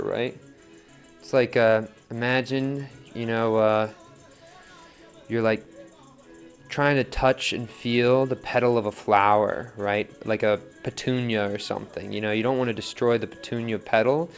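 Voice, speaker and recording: A man casually demonstrating pottery on the wheel, talking his viewers through each step with lots of "like" and "right?". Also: medium pitch. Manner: relaxed, chatty, lots of "like" and "right?". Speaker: pottery teacher.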